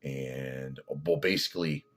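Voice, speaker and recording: A man's voice: a bass voice, steady tone, measured pace. A man vlogging in a rambling, profane, blunt way, drifting from topic to topic. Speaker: fitness vlogger. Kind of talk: rambling casual monologue.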